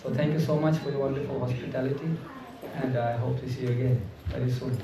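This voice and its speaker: A man with giving an animated devotional class, acting out voices as he tells stories and laughing often. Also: mid-range voice, fast, over a noisy crowd. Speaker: visiting speaker. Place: home gathering room. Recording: echoey room, mic far off, audience around.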